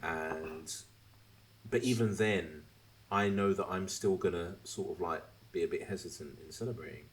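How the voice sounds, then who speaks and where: A man hosting a podcast, chatting casually and ranting with animated asides and swearing. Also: low voice, moderate pace. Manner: animated, swearing, mimics others mid-rant. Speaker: podcast host. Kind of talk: casual chat.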